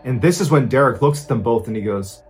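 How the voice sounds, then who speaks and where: A man's voice: medium pitch, fast talker, soft background music. A man in his thirties, the host, narrating a true story with energy and briefly acting out the people in it. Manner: animated, acts out quoted lines in his own voice.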